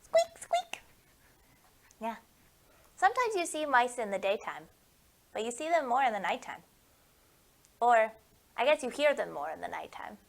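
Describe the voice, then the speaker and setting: A woman's voice: fairly high pitch, sing-song, normal speed, vocal fry, long pauses. A woman hosting a library storytime for young children, talking in a playful, coaxing way and asking the kids questions.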